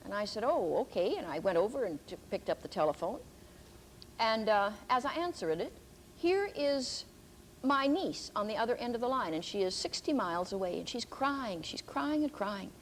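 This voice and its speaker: An older woman giving a Christian teaching talk, telling a personal story earnestly, with pauses and restarts. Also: medium pitch, expressive, a little hiss or hum, poor audio.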